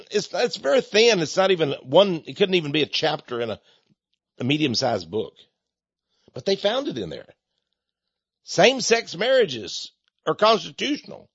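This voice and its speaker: A man's voice: high-pitched, husky, no echo. A man preaching a mocking, sarcastic monologue from his ministry. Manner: sarcastic, mocking, laughs scornfully. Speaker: ministry speaker. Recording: dull lo-fi recording.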